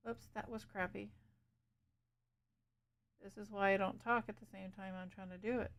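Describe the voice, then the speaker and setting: A woman's voice: mid-range voice, fairly even intonation, moderate pace. A woman streamer chatting casually with her viewers while she paints and fixes her stream setup. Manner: chatty, talks to chat while working.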